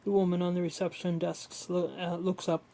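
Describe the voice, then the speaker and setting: A woman reading a memoir aloud in a steady manner, often stumbling and correcting herself. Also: on the low side, brisk, poor audio. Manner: steady reading with frequent slips and self-corrections. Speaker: audiobook reader.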